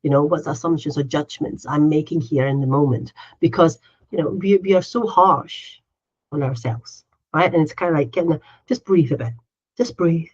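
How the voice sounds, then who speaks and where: At a normal speed, a woman with a low, slightly rough and somewhat mellow voice chats on a podcast she co-hosts, and the sound is lo-fi. She keeps talking in a loose, flowing way, adds "right?" to her sentences, and plays out her inner voice in brief quotes.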